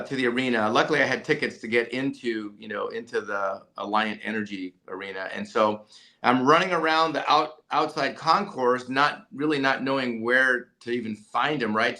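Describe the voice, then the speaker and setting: A man with a bright, forceful voice, guest on a podcast. He tells an animated story and keeps checking in with "right?", restarting his sentences as he goes. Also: medium pitch. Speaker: jump rope company CEO and coach.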